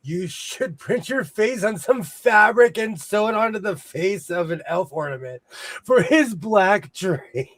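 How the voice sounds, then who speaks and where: A man hosting a casual sewing show chat, telling jokey stories in an animated way. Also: sits high, measured pace, dry recording. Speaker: host.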